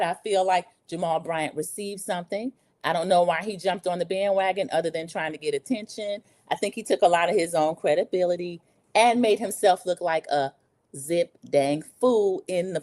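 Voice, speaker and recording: With a medium-pitched voice and a darkish tone, a middle-aged American woman hosts a livestream. Reading viewer comments, she chats candidly about her views, blunt and opinionated as she tells stories.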